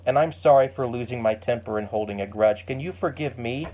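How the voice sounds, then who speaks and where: A man's voice: mid-range voice, a little fast, a little mellow, lightly acted. A man reading a tender young mother of twins.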